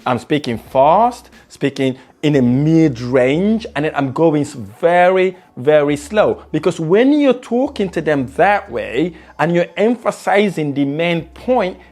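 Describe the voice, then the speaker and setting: Man, sales trainer, motivational lesson, varied pace and emphasis, fairly high voice. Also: lively intonation, a little slow, hardly any pauses. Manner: varies pace and loudness for emphasis, repeats words. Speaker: sales trainer and property investor.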